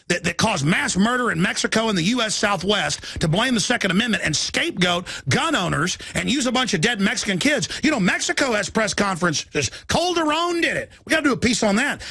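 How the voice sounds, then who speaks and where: A man's voice: high-pitched, pushed and bright, breathy edge, no echo. A man hosting a radio talk show, delivering a fiery political monologue, ranting and mocking opponents. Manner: ranting, mocking, shifts into impressions.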